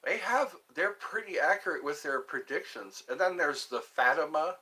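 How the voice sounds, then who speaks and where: A man hosting a live stream alone, musing slowly and meandering while he answers viewer chat. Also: a little high, expressive, bright, forceful tone. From United States.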